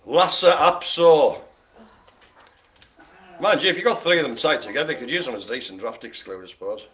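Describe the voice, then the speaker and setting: A man hosting a bingo session, joking and chatting between calls with quick asides. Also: mid-range voice, very animated, pushed and bright. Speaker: bingo host. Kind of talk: lively bingo calling with banter.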